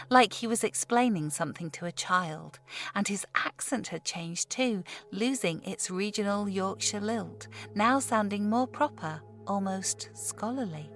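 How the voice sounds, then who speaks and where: A woman narrating a horror audiobook in a measured, steady storytelling voice. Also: medium pitch. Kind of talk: scripted narration.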